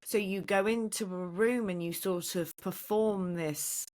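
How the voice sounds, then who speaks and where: A woman in her forties talks as a guest on a podcast, open and musing. She reflects out loud and often draws the listener in with tag questions. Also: medium pitch, a little slow. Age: 40s. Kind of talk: reflective conversational chat.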